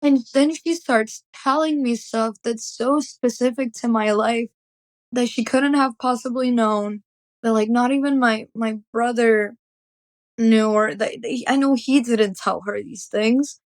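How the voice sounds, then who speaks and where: A young woman's fairly high voice, recorded dry and close on a podcast mic. She tells a deeply personal story as an interview guest. Her telling is emotional and rambling, full of "like" and restarts. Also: measured pace, no echo.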